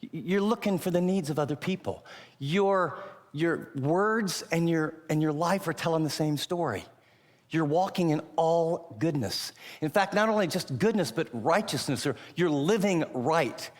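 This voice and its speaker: A man preaching a sermon, emphatic, asking rhetorical questions and moving between loud and hushed delivery. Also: a little high, unhurried, long reverb tail. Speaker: pastor.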